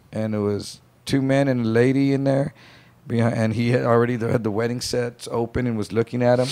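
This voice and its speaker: A man with a gravelly, rough-edged voice tells a story in casual podcast talk. He slips into the voices of the people in it as he goes. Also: mid-range voice. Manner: animated storyteller acting out others' voices. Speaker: podcast guest.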